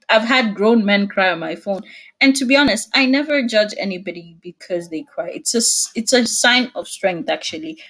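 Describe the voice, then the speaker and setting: A young woman speaking as a guest in a casual video-call interview, expressive and laughing often. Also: medium pitch.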